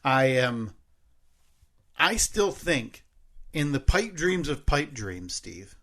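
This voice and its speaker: A man's voice: mid-range voice, very animated, slow, a bit bright. Midwestern male co-host, casual and playful, loose rambling delivery. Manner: rambling, self-correcting, playful. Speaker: podcast co-host. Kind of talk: casual chat.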